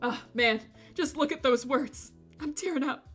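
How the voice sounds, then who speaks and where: A woman streamer reading a visual novel aloud, breaking off for animated, jokey commentary. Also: sits high, a little slow, soft background music. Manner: animated, jokey asides with laughter.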